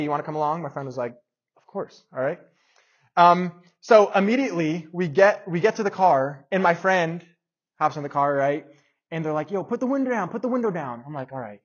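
A youth pastor with a fairly high voice tells a story in a relaxed, chatty way to the group in front of him. The recording is dull and muffled, as if captured from inside a church meeting room. He talks lively and informally, often stopping to check in with his listeners. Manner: lively and conversational, directing a live skit. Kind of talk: casual youth sermon with storytelling.

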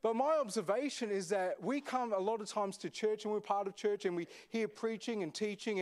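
A man, a senior pastor, preaching a sermon in a conversational way, often asking the congregation questions. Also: sits high. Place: echoey church hall.

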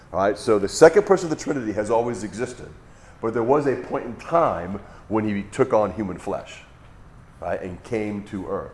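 A man's voice: on the low side, a little mellow, echoey room. A man leading a Bible study, reading scripture aloud and then explaining it in a conversational way, repeating himself with frequent fillers. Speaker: Bible teacher.

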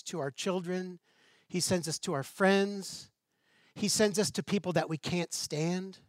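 A man's voice: sits high, no echo, studio quality. A male pastor preaching a sermon in a conversational way, posing rhetorical questions and dropping light asides.

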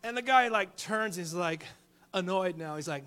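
Man, preacher, sermon, high voice, dynamic swings between shouting and whispering, storytelling with jokes. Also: expressive, moderate pace. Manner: tells jokes and acts out characters in stories.

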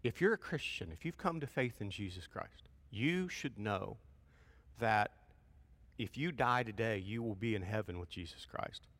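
Lively, bright-voiced man preaching in a hall. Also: lowish voice, moderate pace. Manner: lively, rising to loud emphatic peaks, with folksy asides. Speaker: pastor. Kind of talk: sermon.

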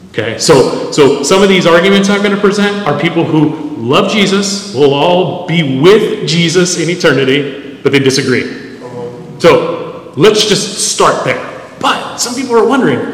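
Pastor, man, middle-aged, chatty animated sermon, slightly raised pitch, reverberant church room. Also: normal speed. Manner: conversational, self-deprecating, animated storytelling. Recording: echoey hall.

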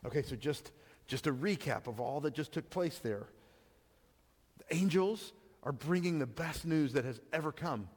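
A man's voice: on the high side, lively intonation, moderate pace, a little mellow, long reverb tail. A man preaching a sermon in a conversational way, with restarts and rhetorical questions to the congregation. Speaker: pastor.

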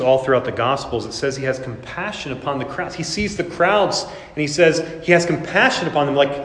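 A male pastor delivers a sermon in a fairly high voice. He acts out what people say with little laughs along the way. The sound rings through an echoey hall with a long tail.

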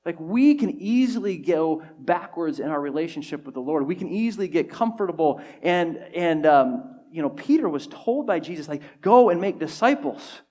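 A man preaching to his congregation with a fairly high voice. He tells each story in a lively way and acts out what the people in it say. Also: normal speed, hardly any pauses. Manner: storytelling, acting out quoted dialogue. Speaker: pastor. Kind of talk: sermon. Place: church service before a congregation.

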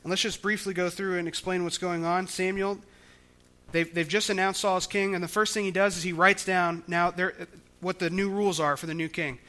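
A man's voice: high voice, steady tone, brisk, pushed and bright. A man preaching a sermon, explaining scripture in a conversational way with frequent restarts. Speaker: pastor.

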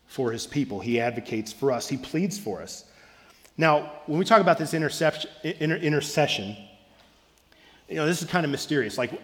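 A man, a pastor, preaching an earnest sermon and repeating key phrases for emphasis. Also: on the high side. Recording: long reverb of a large hall.

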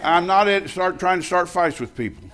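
A man's voice: high voice, expressive, moderate pace, a bit bright. A man in his seventies preaching a sermon, telling a personal story in a folksy, emphatic way and laughing often as he talks.

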